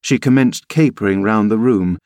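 A man narrating an audiobook in a measured storytelling manner. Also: on the low side, a little mellow, no room sound, clean studio sound. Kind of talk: audiobook reading.

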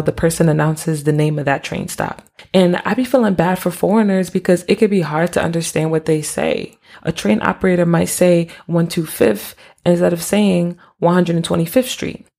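A young adult woman hosting a podcast, explaining things in a relaxed, conversational way with casual slang and asides. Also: on the low side, vocal fry. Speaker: podcast host.

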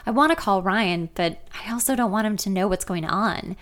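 A woman's voice: mid-range voice, moderate pace, fairly bright tone. A woman in her thirties reading her own memoir aloud in the first person, candid and conversational. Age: 30s. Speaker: author narrating her memoir.

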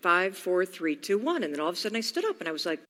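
A woman's voice: fairly low pitch, sing-song, fast talker, a bit bright. A woman in her forties giving a motivational talk, telling her own story and acting out her inner dialogue. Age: 40s. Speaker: motivational speaker. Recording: long hall reverb.

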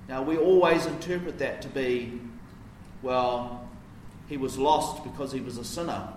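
A man's voice: medium pitch, unhurried, a little mellow, slight background noise. A man preaching a sermon in a conversational, explanatory way, posing questions to his listeners. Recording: roomy, distant mic, faint ambience.

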